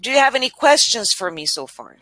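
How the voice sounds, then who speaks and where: A woman tutoring English on a video call, patient and encouraging, enunciating words slowly and carefully. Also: fairly high pitch, very animated, bright, forceful tone, dry recording. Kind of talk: online one-on-one language lesson.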